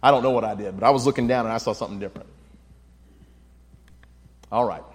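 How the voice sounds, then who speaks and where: A man's voice: medium pitch, fast, husky. Man teaching Bible study in a reverberant room. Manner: earnest, explanatory, reads scripture aloud. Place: room with a projection screen.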